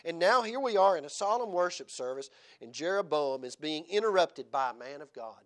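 A man's voice: fairly high pitch, expressive, a little fast, a bit bright. A man preaching a sermon in church, reading scripture aloud and driving his points home with rhetorical questions. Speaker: pastor.

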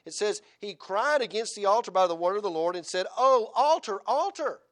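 A man's voice: high voice, a little fast, a bit bright. A man preaching a sermon in church, reading scripture aloud and driving his points home with rhetorical questions. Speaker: pastor.

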